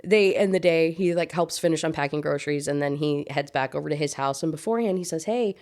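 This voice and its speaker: Southern girl roasting a romance novel, kinda low voice, lots of eye-roll sarcasm and laughing. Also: quick pace, a little mellow. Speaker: book reviewer. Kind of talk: casual book rant with read-aloud excerpts.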